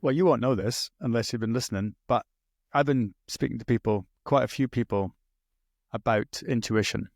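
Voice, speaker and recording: A man's voice: mid-range voice, normal speed, vocal fry, no room sound, studio quality. A man hosting a podcast, chatty and emphatic, joking with his guest. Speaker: podcast host. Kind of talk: casual interview chat.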